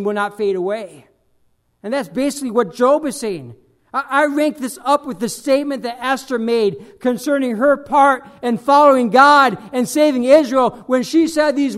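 A man's voice: extremely high pitch, moderate pace, a bit bright. A man preaching an expository sermon, reading scripture and acting out speakers' words with heavy emphasis, with frequent "uh" fillers and repeated words. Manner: emphatic, dramatizes scripture in character voices, many "uh" fillers and repeats.

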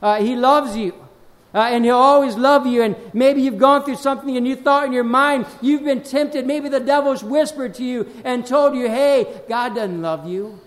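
A man with a notably high voice preaches a sermon, reading scripture with slow, swelling emphasis. Between readings he drops into quieter asides and speaks straight to his listeners, doubling his phrases for effect. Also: steady tone. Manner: addresses the congregation directly, repeats phrases.

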